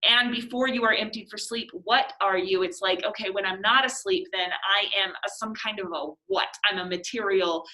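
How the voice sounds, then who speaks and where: Woman teacher, bright clear voice, thinks aloud, questions students, leads a class discussion. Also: medium pitch, moderate pace, few pauses, rough recording. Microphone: classroom recording.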